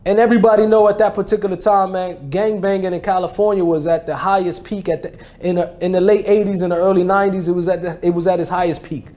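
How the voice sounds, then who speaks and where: A man in his forties with a New Jersey accent tells his life story in a casual, repetitive style full of street slang. His voice sits fairly high but has a mellow, dark tone. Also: steady tone, fast talker, few pauses. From New Jersey, USA. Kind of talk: conversational testimony.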